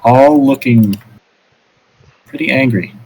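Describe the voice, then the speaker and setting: A man narrating as game master of a tabletop game, in a relaxed, hesitant way. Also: medium pitch, slow pace, background noise.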